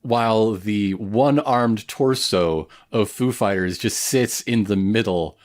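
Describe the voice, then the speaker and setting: A man's voice: fairly low pitch, takes it slowly. A man co-hosting a podcast, recapping an anime in casual chat with a joking, storytelling manner. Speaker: podcast co-host.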